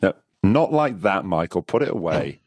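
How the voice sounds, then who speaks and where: A man with a very low voice runs the game and ribs his players with a dry, deadpan edge. The recording is close and dry, with no room sound. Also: normal speed, husky, dry recording. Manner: dry teasing. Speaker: games master and host. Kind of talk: comedy podcast banter.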